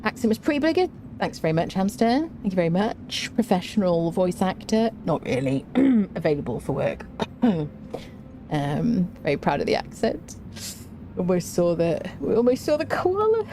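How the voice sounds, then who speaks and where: A woman streams a game with chatty live commentary, speaking to her chat and humming to herself as she plays. Her voice sits on the low side, animated yet mellow, at a moderate pace, with a slight hiss or hum audible.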